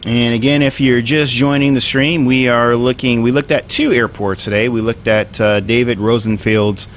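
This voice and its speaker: A man's voice: medium pitch, fairly even intonation, normal speed, a little hiss or hum. A man streaming a flight simulator, thinking aloud in casual, rambling commentary.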